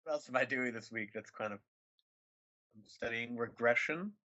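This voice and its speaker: A man's voice: medium pitch, moderate pace. A man in his twenties chatting casually as a podcast co-host, swearing often and slipping into silly voices. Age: 20s. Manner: animated, swears a lot, does silly voices. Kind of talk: casual chat. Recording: dull lo-fi audio.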